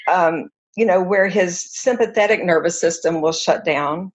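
A woman's voice: lowish voice, moderate pace, lo-fi sound. Earnest woman counselor explaining. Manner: animated storytelling, earnest. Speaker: counselor guest. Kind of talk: conversational explanation.

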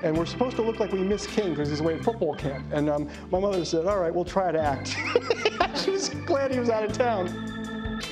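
A man from Maryland telling animated family anecdotes in a documentary interview, often mimicking his father's lines. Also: sits high, fairly quick, over loud music. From Maryland, USA. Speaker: interviewee, son of the subject.

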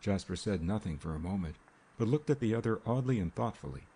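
A male audiobook narrator reading in an even, unhurried style. His voice is low and mellow with a husky grain. The delivery stays steady throughout. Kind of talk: scripted narration.

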